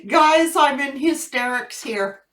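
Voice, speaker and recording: Slow-talking tarot reader woman, echoey room. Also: high voice. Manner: laughing, animated storytelling. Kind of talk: casual tarot reading vlog.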